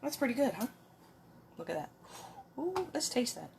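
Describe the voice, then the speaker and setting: A woman with a fairly high, very animated, creaky voice talks to her livestream viewers at a moderate pace while cooking at home. Background noise from clattering dishes and utensils fills the kitchen.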